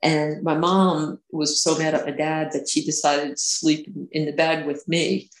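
A woman's voice: sits low, level tone, measured pace. A woman guest recounting personal experiences, hesitant, with many restarts and fillers. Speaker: interview guest. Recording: roomy echo.

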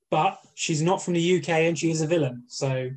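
A man's voice: a little high, darkish tone. A man co-hosting a podcast in casual chat, joking and swearing casually. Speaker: podcast co-host.

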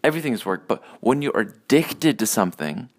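A man's voice: medium pitch, big pitch swings, fairly quick. A man hosting a casual solo rant podcast, rambling and profane with many hesitations. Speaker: podcast host.

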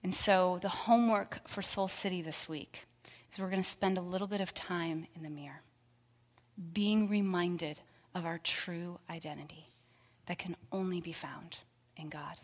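A woman giving a sermon, telling a story and dropping to a soft whisper for tender lines. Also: on the low side, steady tone, moderate pace, long reverb tail. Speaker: pastor.

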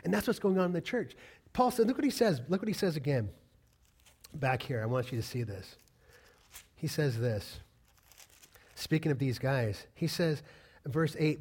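A man preaching a sermon, animated and full of rhetorical questions, swinging between loud emphatic lines and quiet, low asides. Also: moderate pace, pauses often, breathy edge. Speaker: pastor.

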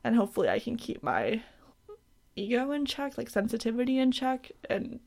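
A young woman co-hosts a casual podcast chat and laughs easily. Her voice sits a little high and moves around a lot in pitch. She often chimes in with short replies. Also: moderate pace, gravelly. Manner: lively, laughs easily, brief backchannels. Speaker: podcast co-host.

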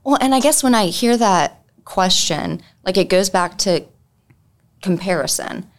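A woman's voice: mid-range voice, expressive, measured pace. A woman co-hosting a podcast, talking earnestly and reflectively, with lots of "like"s. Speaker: podcast co-host, mental health clinician. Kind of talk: casual chat.

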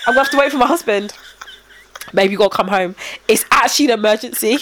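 Woman chatting, high voice, acts out every bit of the story. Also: quick pace. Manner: animated storytelling, acting out scenes. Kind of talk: casual chat.

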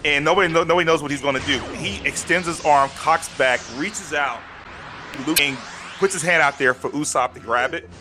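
Music plays in the background as a brisk, higher-voiced man co-hosts a podcast. Chatting casually, he tells stories in a lively way laden with fillers, his voice catching as he nears tears.

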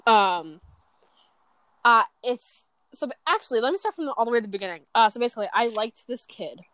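A woman's voice: fairly high pitch, expressive, fairly quick, a bit bright, no room sound. A teenage girl in casual chat, rambling and swearing, with many fillers and restarts. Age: teens. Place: bedroom.

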